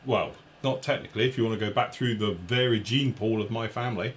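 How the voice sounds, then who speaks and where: A man's voice: on the low side, quick pace, slight background noise. An English man co-hosting a live chat show, rambling and poking fun at himself. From England. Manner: rambling, self-mocking, reads viewer comments aloud. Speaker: show co-host.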